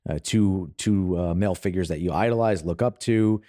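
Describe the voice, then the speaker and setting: A man with a very low voice and a mellow, warm tone hosts a podcast conversation. He asks long, reflective questions and speaks steadily. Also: normal speed. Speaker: podcast host. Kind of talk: conversational interview.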